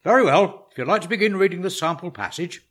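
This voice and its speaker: A man playing a brisk, officious casting director in a comedy sketch. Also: high-pitched, animated, husky. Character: prim male casting director.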